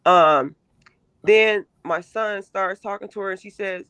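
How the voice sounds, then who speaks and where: A middle-aged woman giving an emotional first-person account in an interview, halting and repeating herself with emphasis. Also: mid-range voice, a bit bright, clean tone, no room sound. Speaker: interview guest, mother.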